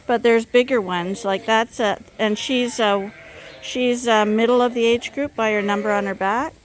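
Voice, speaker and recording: A woman sheep farmer talks in a casual, explanatory way, pausing on fillers as she shows her flock. Her voice sits a little high. Sheep bleat clearly in the background of the barn. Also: fairly even intonation. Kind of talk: casual farm vlog narration. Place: outdoors and in a barn among sheep. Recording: clear farm noise behind.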